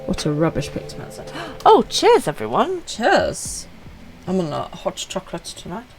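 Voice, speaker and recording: A woman's voice: lowish voice, wildly swooping pitch, measured pace, a little mellow, faint music behind. A woman, chatting upbeat with viewers while streaming a game live.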